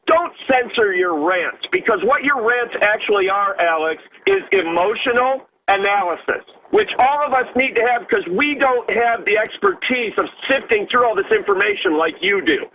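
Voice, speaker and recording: Man calling in over a tinny phone line. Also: very high-pitched. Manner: direct, earnest, lays out points one by one. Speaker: caller. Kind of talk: call-in to talk radio.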